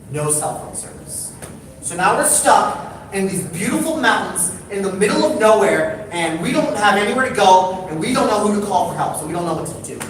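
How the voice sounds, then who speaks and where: A man telling a comic story on stage, animated, his voice jumping up in excited bursts. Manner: animated, building to excited high-pitched bursts. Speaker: speaker at a live talk. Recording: echoey hall, distant mic, noisy.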